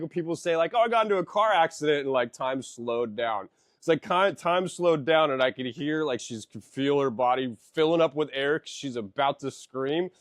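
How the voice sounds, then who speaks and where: A man's voice: on the high side, no room sound, studio quality. A man in his thirties in casual podcast chat, a rambling storyteller who swears a lot and keeps saying "dude".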